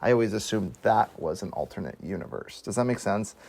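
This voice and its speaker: A man's voice: on the low side, lively intonation, fairly quick, gravelly, a little mellow. A man co-hosting a casual movie discussion, rambling through ideas and often asking if he makes sense. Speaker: podcast co-host.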